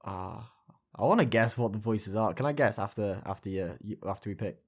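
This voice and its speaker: A man's voice: on the low side, brisk. A British man on a podcast giving laid-back, brief replies. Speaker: podcast co-host. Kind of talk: casual podcast chat.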